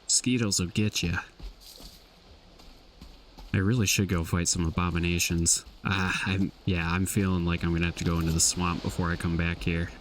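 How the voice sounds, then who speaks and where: Low-voiced man thinking aloud over game music. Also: moderate pace, far from the mic, slight background noise. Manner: relaxed, thinking aloud with trailing restarts. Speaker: gameplay streamer. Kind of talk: casual gameplay commentary.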